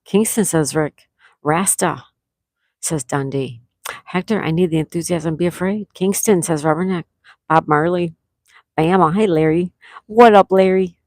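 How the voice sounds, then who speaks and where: Hosting a friendly trivia livestream from her home near Fort Lauderdale, Florida, as a thunderstorm rolls through, a woman reads viewers' names and answers from the chat and stretches out every question. Her low, slightly mellow voice moves a little slowly with long pauses, recorded dry and close without room echo.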